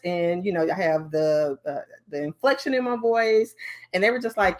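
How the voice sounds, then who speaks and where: A woman leading a conference training session on learning design, talking in a lively, chatty way with many fillers and asides. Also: mid-range voice, moderate pace.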